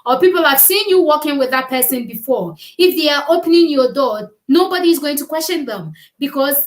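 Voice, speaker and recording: A woman's voice: sits high, lively intonation, fairly quick. A woman co-hosting a casual chat, talking earnestly and emphatically, often repeating her words. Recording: echoey room.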